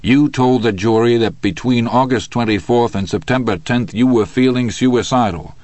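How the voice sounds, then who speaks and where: A man's voice: mid-range voice, normal speed, darkish tone, dry recording, close to an everyday voice. A man voicing a sarcastic, hectoring male prosecutor who fires pressing questions in court.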